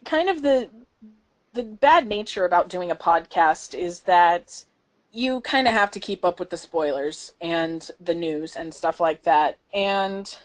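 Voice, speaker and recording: Chatty young woman podcast host. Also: medium pitch. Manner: excitable, chatty, frequent fillers. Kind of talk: casual podcast chat.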